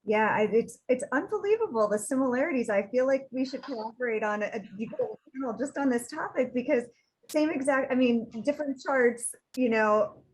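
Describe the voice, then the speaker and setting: A woman's voice: high-pitched, expressive, fairly quick, a little mellow, slightly rough, rough recording. A woman attorney speaking on a panel over a video call, talking earnestly with frequent restarts.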